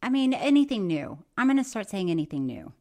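A woman co-hosting a comedy podcast, chatting casually and reading listener mail aloud with a quick laugh. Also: medium pitch, big pitch swings, a little mellow. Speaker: podcast co-host.

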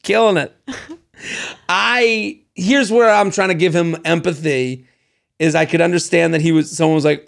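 A man's voice: fairly high pitch, moderate pace, creaky. A man co-hosting a casual dating podcast, playful and joking, slipping into silly bits. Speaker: podcast co-host. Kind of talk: casual chat.

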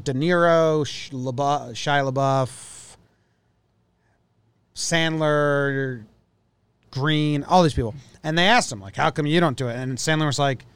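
A man co-hosting a casual sports podcast, telling stories quickly and loosely, with lots of "like". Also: on the high side, clear, resonant tone, dry recording. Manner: quick, loose storytelling with many likes. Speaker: podcast co-host.

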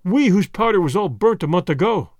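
A man voicing a starving, half-mad frontier man who shouts with wild laughter in a storybook reading. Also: sits high, animated, fairly quick, dry recording, clean studio sound. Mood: bitter.

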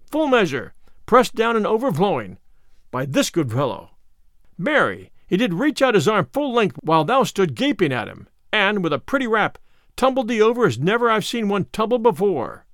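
A bold, merry outlaw leader teases in a hearty voice that leaps around in pitch, played by a man reading a storybook. His manner is jovial and mocking, recorded close and dry. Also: a bit bright, no room sound, full character voice.

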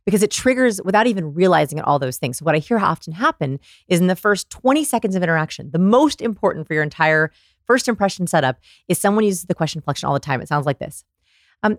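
A woman guest on a podcast, explaining research in an animated, storytelling way and acting out examples. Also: deep voice, fast talker, no room sound, clean studio sound. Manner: animated storyteller, demonstrates voices. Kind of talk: conversational explaining.

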